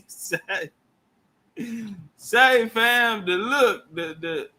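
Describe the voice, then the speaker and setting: A livestream commentator, a man with an extremely high, pushed, bright voice, draws out his words. He gives loose, crude, profane commentary, heckling and laughing in heavy slang.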